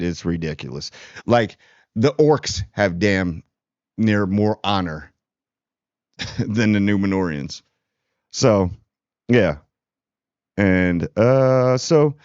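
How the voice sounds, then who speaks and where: A man's voice: fairly low pitch, dry recording, highs cut off. A man hosting a casual TV spoiler review, rambling and sarcastic. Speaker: TV review channel host.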